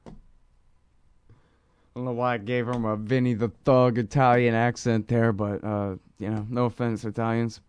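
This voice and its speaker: A man's voice: medium pitch, level tone, normal speed, hardly any pauses, darkish tone, clear, resonant tone, no echo. A man hosting a news commentary show, reading quotes and riffing casually with lots of fillers. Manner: casual, rambling, many fillers; reads quotes aloud.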